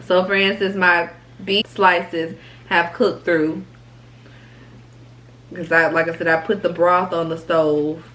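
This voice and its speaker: A woman's voice: fairly low pitch, level tone, slow, pauses often, a bit bright, low-quality recording. Chatty woman hosting a mukbang. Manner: chatty, talks through meals. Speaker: mukbang host. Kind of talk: casual chat while eating.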